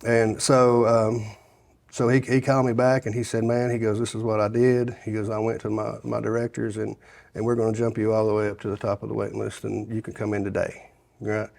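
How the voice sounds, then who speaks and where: A man's voice: on the low side, monotone, brisk, gravelly, darkish tone. Drawling man telling his story. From Sevier County, Tennessee. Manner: rambling with many restarts and fillers, quoting others. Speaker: guest sharing his testimony. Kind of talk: casual storytelling interview.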